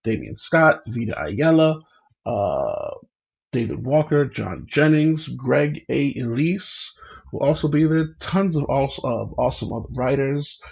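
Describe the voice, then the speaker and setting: A man's voice: medium pitch, lively intonation, measured pace, creaky, darkish tone, husky, muffled recording. A man hosting a casual livestream, chatting and greeting viewers by name. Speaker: livestream host.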